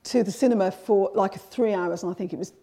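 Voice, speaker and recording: A woman's voice: medium pitch, brisk, mellow. A middle-aged woman author in an interview, telling her childhood memories in a reflective way with many restarts. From England. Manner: reflective storytelling with frequent restarts. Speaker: author, guest. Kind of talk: conversational interview.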